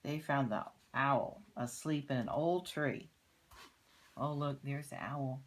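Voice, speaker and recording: An older woman reading a picture book aloud, gently pointing out details in the pictures. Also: a bass voice, slow, rough recording. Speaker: grandmother reading to children.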